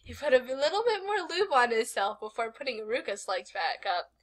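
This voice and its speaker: A woman's voice: on the high side, big pitch swings, a little fast, rough recording. A young woman reading a fanfic aloud as a host, giggling often and breaking off with swearing exclamations. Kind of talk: casual comic read-along.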